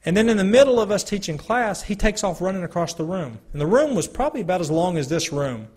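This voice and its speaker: In a church hall or meeting room, a man gives an earnest personal testimony to a gathering, telling a story with quoted dialogue. His high-pitched, husky voice has a darkish tone, big pitch swings and a fast pace. He uses a handheld or stand mic, sometimes stepping away from it.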